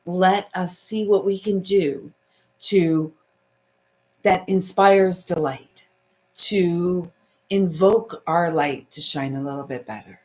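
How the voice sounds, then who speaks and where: Speaking in a low, slightly mellow voice, this middle-aged Canadian woman runs a spiritual live stream. She has a Canadian accent, keeps things soothing and chatty, and reads out comments from viewers as part of the casual stream talk.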